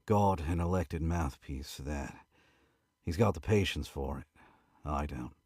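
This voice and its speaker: Gruff werewolf man with an Aussie drawl, read by a man; very deep, dry close sound, slow and unhurried muttering. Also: darkish tone, no echo, full character voice. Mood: grumbling. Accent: Australian.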